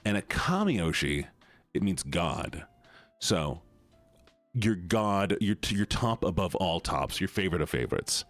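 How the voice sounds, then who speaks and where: A man's voice: sits low, sing-song, unhurried, no room sound, soft background music. A man chatting playfully and teasingly with his chat on a live stream.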